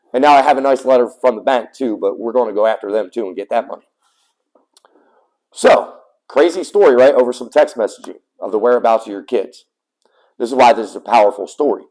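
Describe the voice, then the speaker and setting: A man in a heated, profane rant straight to camera, blunt and emphatic, with sudden loud bursts as he tells his story. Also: medium pitch, low-quality recording. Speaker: small business owner telling his custody story.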